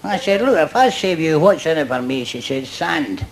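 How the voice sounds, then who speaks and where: A man's voice: a little high, expressive, moderate pace, heavy background noise. An older Scottish man doing a stand-up routine before a live audience, chatty and cheeky, laughing at his own jokes. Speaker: stand-up comedian.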